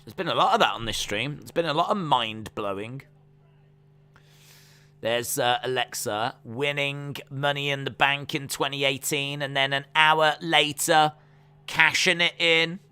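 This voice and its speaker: Bright, clear-voiced man commentating. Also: medium pitch, measured pace. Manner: chatty, rambling, trails off with fillers. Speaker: live stream host. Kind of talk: casual live reaction and play-by-play commentary.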